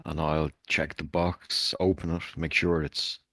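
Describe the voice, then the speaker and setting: Low-voiced male player, relaxed and casual, dry mic. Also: a little slow, no room sound. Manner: laid-back, casual. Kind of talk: casual tabletop role-play.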